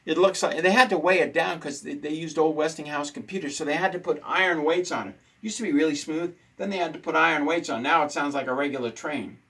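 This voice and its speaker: A man's voice: on the high side, fast talker, hardly any pauses, pushed and bright, husky, low-quality recording. A man hosting a casual talk show, ranting indignantly and repeating his points for emphasis. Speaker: host.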